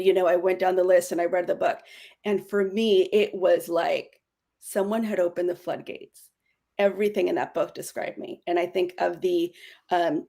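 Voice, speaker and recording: A woman in her forties speaking earnestly as a podcast guest, with quick self-correcting bursts in candid conversation. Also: lowish voice, gravelly, darkish tone. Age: 40s.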